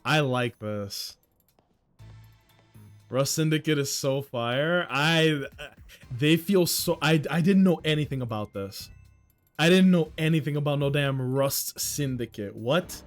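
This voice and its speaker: A young man streaming a game, excitable and joking with his chat, swearing freely. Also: on the high side, slow pace, faint music behind. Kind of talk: casual gaming commentary.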